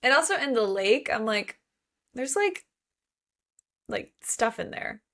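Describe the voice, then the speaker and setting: A woman's voice: a little high, very animated, slow, pushed and bright. A young woman co-hosting a book podcast, chatting casually and reading passages aloud, giggly and full of "like". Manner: giggly, gushing, lots of "like". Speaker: podcast co-host.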